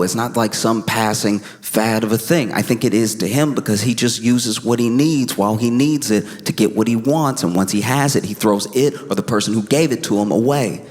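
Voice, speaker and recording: A man performing a stand-up comedy set on a club stage, telling a story with animated acted-out scenes. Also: lowish voice.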